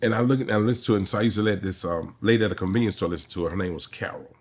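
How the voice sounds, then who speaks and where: Speaking at a racing pace in a lowish voice, a middle-aged comedian guest spins stories during an interview, acting out quotes from the people involved. Slight hiss or hum can be heard.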